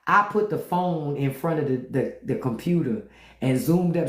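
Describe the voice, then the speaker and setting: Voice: medium pitch, moderate pace, reverberant. A livestream host chatting casually with viewers, telling stories in a loose, profane way, often laughing and humming disapproval. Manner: loose, profane storytelling with frequent laughter and hums.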